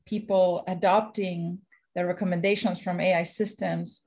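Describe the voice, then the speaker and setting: A woman moderating a panel discussion, asking long questions in a careful, measured way over a video call. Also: lowish voice, flat delivery, darkish tone, husky.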